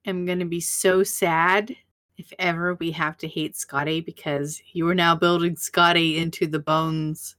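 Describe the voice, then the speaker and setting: A woman's voice: fairly low pitch, flat delivery, a little slow, fairly bright tone. A woman co-hosting a casual show recap podcast, joking and swearing casually. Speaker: podcast co-host.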